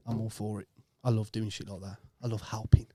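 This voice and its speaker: A Yorkshire man hosts a loose, sweary podcast chat. His voice is mellow and dark, and the recording is dry and close. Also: on the low side, flat delivery, a little fast, slightly rough, no echo. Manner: laid-back, swears freely, laughs often. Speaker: podcast host.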